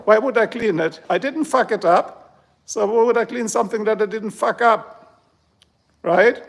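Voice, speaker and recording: A man's voice: sits high, unhurried, creaky. A man from Germany ranting on a live stream, swearing and complaining in an exaggerated way. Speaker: livestreamer. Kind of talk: casual live stream rant. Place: at home by his garage.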